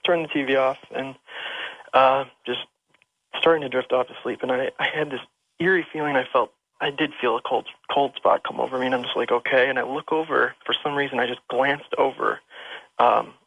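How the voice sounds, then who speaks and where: Gravelly male caller on a phone line. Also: mid-range voice, steady tone, a little fast, no echo. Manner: rambling, emotional, with many restarts. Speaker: radio show caller. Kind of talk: telling a personal ghost story. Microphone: telephone.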